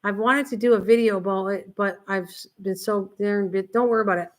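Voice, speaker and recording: A woman's voice: medium pitch, fairly even intonation, a little fast. An older woman hosting a casual craft livestream, chatting in a rambling way and reading viewers' comments aloud. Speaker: livestream host. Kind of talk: casual chat with live viewers.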